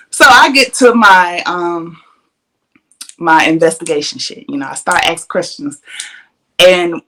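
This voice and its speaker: A woman hosting a podcast, telling a story in an animated, casual way, with plenty of swearing and frequent laughs. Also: lowish voice, takes it slowly, long pauses. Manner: animated, profane, laughs often. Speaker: podcast host.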